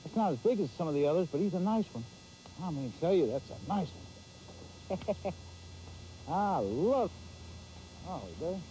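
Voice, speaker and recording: A man calls out his fishing action live from a boat, folksy and excitable. His voice is dark and mellow yet swings widely in pitch, with faint outdoor noise around him. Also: moderate pace, long pauses, rough recording. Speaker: fishing show host.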